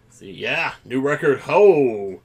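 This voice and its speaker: A man giving casual, excitable commentary while playing a video game, breaking into loud outbursts. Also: fairly low pitch, unhurried, soft background music. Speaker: let's play gamer.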